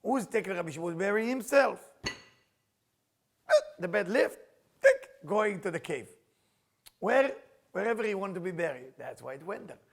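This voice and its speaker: A middle-aged man lectures a spiritual class in English that is not his first language. His voice sits high and sounds husky, and his pitch swings widely as he acts out the people he quotes. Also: lively intonation, normal speed, long pauses. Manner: non-native English phrasing. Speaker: Kabbalah teacher.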